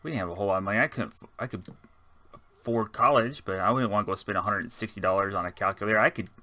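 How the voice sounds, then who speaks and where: A man's voice: on the low side, racing, bright, forceful tone. A man giving rambling, casual let's-play commentary, chatting and muttering to himself as he builds. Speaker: gaming channel host.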